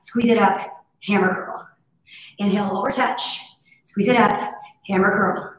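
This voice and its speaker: A woman fitness instructor with a hoarse, husky voice, cueing breaths and moves in a casual, encouraging live workout class. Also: a little high, moderate pace. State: hoarse from overuse. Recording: very echoey room.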